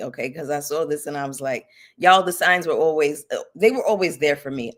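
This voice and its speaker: A woman hosting a casual live stream, sassy and animated as she greets her viewers by name and rants about reality TV. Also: lowish voice. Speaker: YouTube commentary host.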